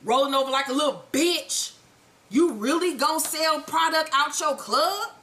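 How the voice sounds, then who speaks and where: A woman's voice: sits high, animated, normal speed, a bit bright. A woman voicing a defiant, hot-headed male drug dealer in a brash tone.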